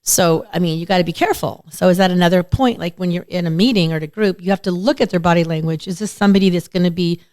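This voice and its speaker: Lady radio host telling stories all animated, lowish voice, super dry close sound. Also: fast, few pauses, dry recording. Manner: chatty, animated storytelling with acted-out quotes. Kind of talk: casual chat.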